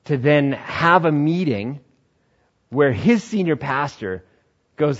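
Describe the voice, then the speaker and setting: A man in the pastor role preaching a sermon in an animated way, sometimes acting out other voices. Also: slow pace, dull audio. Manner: animated, acts out quoted voices with high shouts and laughs.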